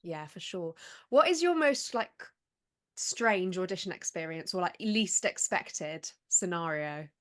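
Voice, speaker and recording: A woman's voice: lowish voice, lively intonation, a little slow, fairly bright tone. A woman hosting a podcast interview, asking questions and reacting with enthusiastic encouragement. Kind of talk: casual interview chat.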